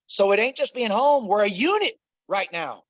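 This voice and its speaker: Middle-aged man, interview guest, earnest and repetitive storyteller; fairly high voice, muffled dry recording. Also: sing-song, moderate pace, no echo. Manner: earnest, repeats himself, addresses listeners as y'all. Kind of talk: emotional personal storytelling. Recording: dull, slightly lo-fi dry sound.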